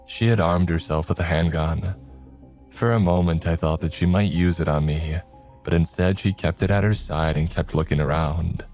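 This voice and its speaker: A man narrating a first-person horror story in a measured, low-key way. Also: a little mellow, faint music behind.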